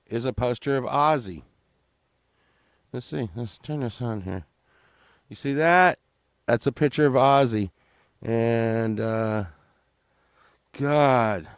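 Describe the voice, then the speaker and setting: A man's voice: medium pitch, dry recording, clean studio sound. A man in his fifties telling a story on a stream, rambling, profane and full of fillers and restarts.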